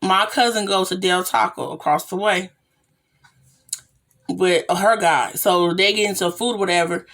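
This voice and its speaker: A woman tells a story from her own life in relaxed, slangy talk, and her voice has a gravelly edge. She jumps up in pitch whenever she acts out her own startled lines. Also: measured pace. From California. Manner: animated, slangy retelling with rising excited quotes. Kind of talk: casual storytime monologue.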